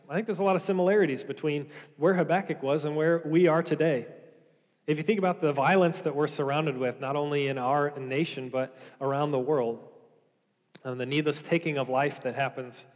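A pastor preaching a sermon, earnestly reading scripture aloud and explaining it. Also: male voice, fairly high pitch, darkish tone, in a large hall.

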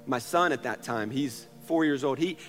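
A man in his thirties, a pastor, preaching a sermon in earnest storytelling style, moving between loud passages and hushed ones. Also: medium pitch, moderate pace, soft background music.

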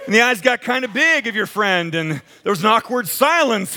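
A man's voice: high-pitched, moderate pace, few pauses, a faint crowd. A man preaching a sermon, telling stories in a conversational way and acting out quoted voices. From American Midwest. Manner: animated storytelling, acts out quoted voices, chuckles. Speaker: pastor.

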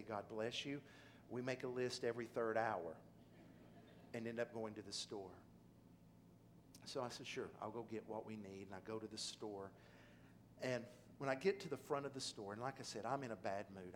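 A middle-aged man preaching a sermon, telling a personal story that drops quiet and low, then rises to loud, emphatic pleading. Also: a little hiss or hum. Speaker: pastor.

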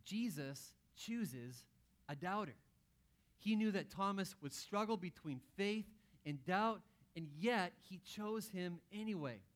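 A man with a slightly higher-pitched voice preaching a sermon to his congregation. He talks in a relaxed, conversational way and drops in playful asides. He acts out the quotes as he goes. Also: unhurried. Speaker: pastor.

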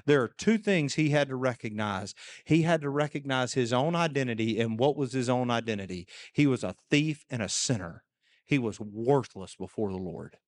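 Man preaching in an echoey hall. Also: mid-range voice. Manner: conversational preaching, emphatic with repeated words. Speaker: pastor. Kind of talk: sermon. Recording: long echo in a church hall.

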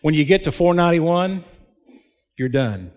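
A man preaching a sermon as a pastor, slow and emphatic, with dramatic pauses. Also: fairly high pitch, animated, darkish tone. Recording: long hall reverb.

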